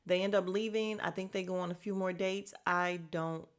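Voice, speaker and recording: Recapping a reality dating show on her podcast, this woman speaks at a moderate pace in a lowish voice with fairly even intonation. She's chatty, blunt, and opinionated, swearing freely and wandering into frequent asides and fillers.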